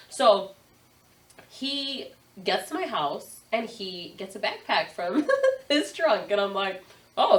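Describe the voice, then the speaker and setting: A woman's voice: mid-range voice, a bit bright, recorded from a distance. A young adult woman, a podcast guest, telling a story in casual chat, swearing and laughing often. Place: podcast studio.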